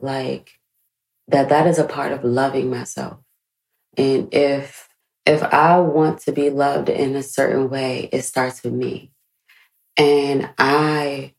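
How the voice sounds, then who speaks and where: A woman's voice: a bass voice, vocal fry, darkish tone, poor audio. A woman in her late thirties hosting a podcast, reflecting candidly on her life in a frank, emotional way and swearing freely. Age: 30s. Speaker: podcast host.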